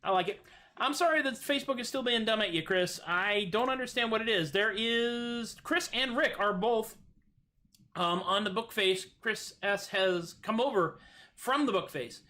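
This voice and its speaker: A man with a high-sitting, pushed, bright voice talks at a normal speed while hosting a livestream music show from home. Between songs he chats casually and goofily, rambling and poking fun at himself. Acoustic guitar plays in the background.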